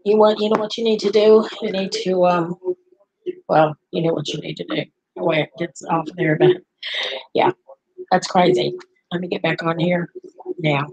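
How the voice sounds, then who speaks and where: Older lady rambling on a livestream, kinda husky voice, chatty grandma. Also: on the low side, steady tone, normal speed, long pauses, a little mellow, rough recording. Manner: chatty, rambling, talks to viewers and pets. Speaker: livestream host. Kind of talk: casual livestream chat.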